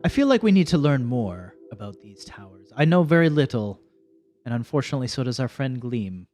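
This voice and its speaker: A man doing a solemn male fey guide in a tabletop fantasy game, a dandelion-like fairy who speaks in a measured, cautious way and warns his companions gently. His voice sits at a middling pitch with faint music playing underneath. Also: sing-song, lightly acted. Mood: earnest. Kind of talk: tabletop character voice.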